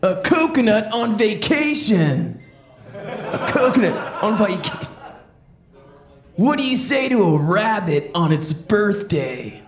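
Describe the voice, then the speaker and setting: A woman voicing a laid-back young male surfer who tells jokes slowly for a children's stand-up podcast. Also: mid-range voice, very animated, soft background music. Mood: joking. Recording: roomy echo.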